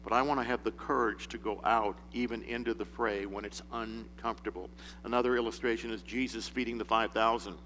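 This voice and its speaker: A man's voice: on the low side, fairly even intonation, fairly quick, sharp tone. A man giving an informal sermon to a men's group, telling stories in a folksy way with chuckles and false starts. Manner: folksy storyteller, chuckles and restarts often. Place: church meeting room. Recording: echoey hall with faint hum.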